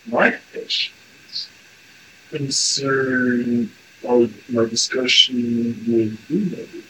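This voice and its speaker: Slow, blunt-talking man on a noisy recording. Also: mid-range voice, steady tone. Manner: casual, blunt, crude words. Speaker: session guest asking questions. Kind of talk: casual chat.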